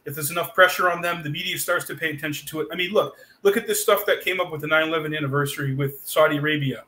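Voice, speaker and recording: A man from Boston holds forth at length as a podcast co-host, his speech loose and full of fillers and restarts. His voice sits a little high, and it carries a bright, forceful edge. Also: rapid-fire. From Boston, USA. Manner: long rambling monologues with many fillers and restarts. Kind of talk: casual podcast chat.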